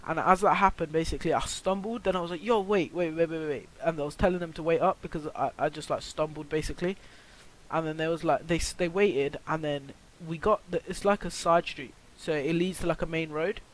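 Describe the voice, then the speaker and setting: A man's voice: a little high, a little fast, low-quality recording. A teenage boy tells a storytime vlog in a rambling way, full of fillers and swearing. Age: teens. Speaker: vlogger.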